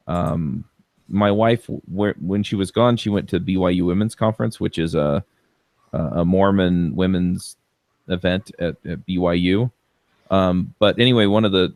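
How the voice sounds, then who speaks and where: Podcast co-host, male, deep and dry, rambling casual delivery with fillers. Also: dry recording. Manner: relaxed storytelling with many fillers.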